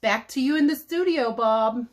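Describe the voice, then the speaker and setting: A woman's voice: a little high, normal speed, close to an everyday voice. A woman voicing a chatty female TV weather reporter in an upbeat newscaster manner, giving a pretend weather report for children. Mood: chirpy.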